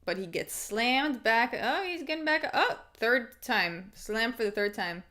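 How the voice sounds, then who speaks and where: Excitable woman streaming a fight watch-along. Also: fairly high pitch, unhurried. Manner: excitable, chatty, swears casually, laughs often. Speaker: livestream host.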